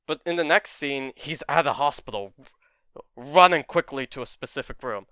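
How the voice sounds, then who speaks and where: A man's voice: mid-range voice, normal speed, pushed and bright, smooth, no room sound, clean studio sound. A man casually narrating a fan story in a rambling way, correcting himself as he goes.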